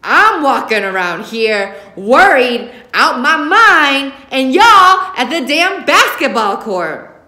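Angry mother, slow loud scolding, lively pitch, echoey room, voiced by a woman. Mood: furious. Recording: roomy echo.

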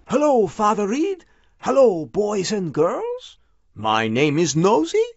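A woman voicing a chipper male know-it-all dog puppet on a children's TV show, announcing slowly and showily. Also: mid-range voice, wildly swooping pitch, darkish tone, heavily acted. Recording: dry, dull lo-fi studio sound.

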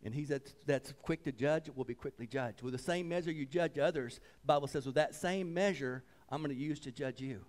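A man preaching a sermon as pastor, swinging between loud fervent passages and hushed reverent ones, repeating phrases and calling out "come on.". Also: medium pitch, a little fast, few pauses.

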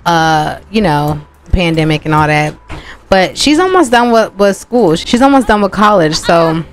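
A woman's voice: mid-range voice, slight background noise. A woman hosting a gaming channel, chatting casually through her gameplay, cursing freely and addressing her viewers directly. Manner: chatty, profane, talks to viewers as "y'all".

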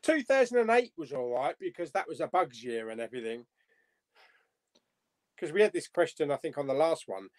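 A man, a guest on a casual live-stream chat, lively and reading out viewer comments. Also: fairly high pitch, a little fast, long pauses, no room sound.

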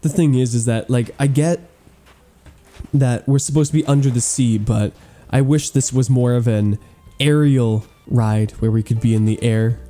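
A man giving excitable, gushing gameplay commentary as he tours a game island, cracking playful puns. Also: mid-range voice, moderate pace. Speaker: gaming YouTuber touring an island.

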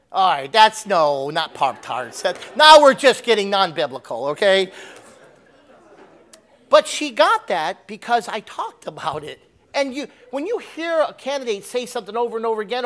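A man preaching a sermon, animated, swinging between loud emphatic bursts and low asides. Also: normal speed. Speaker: pastor.

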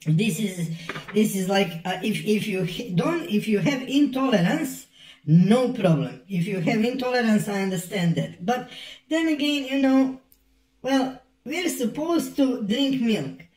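Halting man in a roomy echo. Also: high-pitched. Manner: halting, repeats words, deadpan asides. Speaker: comedy product reviewer. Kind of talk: rambling comic review to camera.

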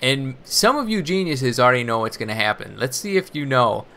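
Animated and a bit bright, this medium-pitched male voice runs a little fast. As host of a laid-back Minecraft gameplay video, he muses aloud and pokes fun at his own struggles with building.

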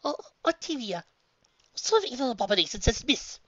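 A woman voicing a nervous, prim female pony in a fan audiobook reading, high-strung and fussy. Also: big pitch swings, fairly quick, a bit bright, dry recording, highs cut off. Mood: fretful.

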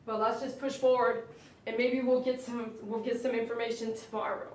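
A woman's voice: flat delivery, normal speed, darkish tone. Emotional woman groomer, echoey room. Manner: emotional, chatty, talks to dogs in a high coaxing voice. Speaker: dog groomer streaming live. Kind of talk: casual live-stream chat while grooming. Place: grooming shop. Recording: echoey room, mic at a distance, faint noise.

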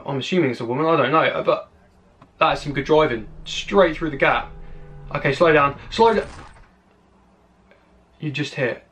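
British male host, excitable crash-video reactor, high and animated voice. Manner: excitable, exclaiming, gasping at each clip. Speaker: channel host.

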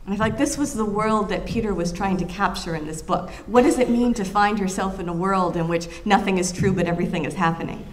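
A woman historian giving a public lecture, telling anecdotes in an animated way with frequent ums and restarts. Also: medium pitch, quick pace, few pauses.

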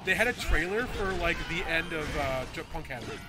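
A young man casually commentating a video game with a friend, animated, laughing and swearing, now and then mimicking silly voices. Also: on the high side, fairly quick. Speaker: gameplay commentator. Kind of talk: casual chat over gameplay. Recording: game music behind. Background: game music.

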